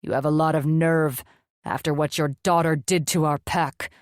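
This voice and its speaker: Terse snarling demon wolf leader, lowered and hard, as a woman narrator plays him, dry sound. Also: steady tone, normal speed, dry recording, close to an everyday voice. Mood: stern. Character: gruff stern male demon wolf leader.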